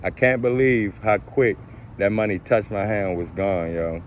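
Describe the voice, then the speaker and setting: A man's voice: on the low side, measured pace, slight background noise. A man telling a casual story about his own life, slangy and profane, acting out his own reactions. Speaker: storyteller vlogger.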